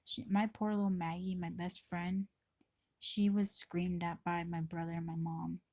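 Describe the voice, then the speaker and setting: Rambling woman vlogger with a flat, dry voice. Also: lowish voice, unhurried, no room sound. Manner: rambling, swears freely, restarts often. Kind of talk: rambling confessional vlog. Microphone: camera mic.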